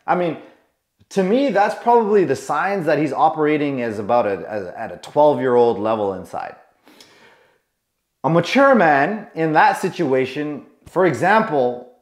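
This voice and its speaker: Male coach, somewhat high voice, emphatic and repetitive, rhetorical questions, echoey room. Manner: emphatic, repeats himself, asks rhetorical questions. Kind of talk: motivational lesson to camera.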